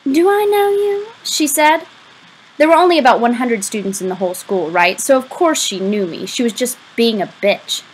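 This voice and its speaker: Woman reading a novel aloud, breathy husky voice, mid pitch, lively expressive narration. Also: brisk, hardly any pauses, rough recording. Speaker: audiobook reader.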